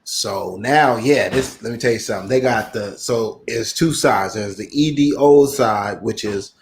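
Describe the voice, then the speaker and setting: A man's voice: fairly low pitch, measured pace, vocal fry, slight background noise. A man co-hosting a podcast, telling loose, profane stories in casual chat. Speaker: podcast co-host.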